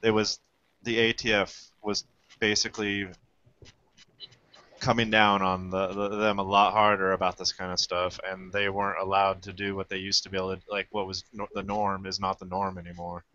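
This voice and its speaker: A man calmly recounting his experience in a casual panel chat. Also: low voice, moderate pace, no echo. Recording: dry, dull lo-fi audio.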